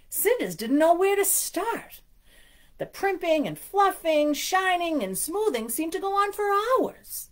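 A woman's voice: very high voice, big pitch swings, a little slow. A woman hosting a storytime and reading a picture book aloud, breaking into gushing, chatty asides. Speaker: storytime host.

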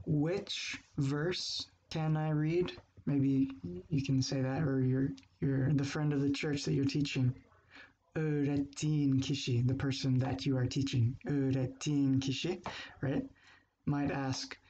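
A man gives a patient grammar lesson, saying his example phrases slowly and repeating them. His voice is soft and mellow, and his pace is unhurried. The recording sounds dull and lo-fi. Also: medium pitch, slight background noise. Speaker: language teacher. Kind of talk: explaining grammar step by step.

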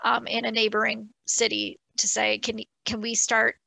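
Gravelly bright-voiced woman on a video call, earnest, lots of ums. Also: a little high, monotone, normal speed, no echo, poor audio. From Nova Scotia, Canada. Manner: earnest, with many "um" fillers. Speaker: awardee and panelist from a rural transit group. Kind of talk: virtual panel answer.

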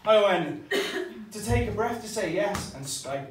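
A tipsy young man tells a stand-up story in a high voice that swings up and down, swearing nearly every line and laughing at his own jokes. He is recorded from a distance in a small club with heavy echo. A crowd laughs around him. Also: lively intonation, a little slow. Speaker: stand-up comedian. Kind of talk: stand-up comedy set.

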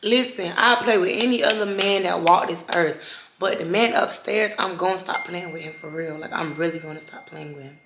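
A young woman talking to her vlog audience, halting and fervent, often repeating herself. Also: fairly low pitch, creaky, noisy background. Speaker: vlogger. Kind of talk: emotional personal vlog talk. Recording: echoey room.

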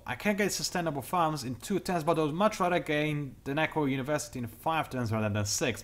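A young man hosting a strategy game tutorial, talking quickly through detailed explanations with dry, sarcastic asides. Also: on the high side, a bit bright. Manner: talks fast, self-admittedly. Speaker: gameplay tutorial host. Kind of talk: explanatory let's-play commentary.

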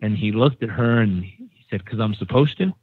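Telling a casual story on a podcast, a guest from San Diego brings the people in it to life by acting out their voices with animation. He has a fairly low, slightly rough voice and a moderate pace. The recording is dry and sounds narrow, like a phone.

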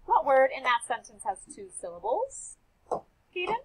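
A young woman teacher with a slightly husky, breathy voice that rises and falls a lot as she talks. She speaks slowly, calls on children by name and repeats their answers back to them. Her pitch sits a little high. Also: very animated, poor audio. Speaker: elementary school teacher. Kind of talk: classroom phonics lesson.

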